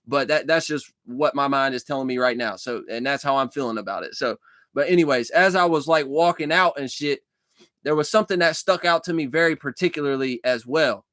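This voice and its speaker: A man's voice: mid-range voice, fairly quick, a bit bright, dry recording. A young man telling a long dream story in a casual, rambling way, swearing often, repeating himself and restarting his sentences. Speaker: vlogger recounting a dream.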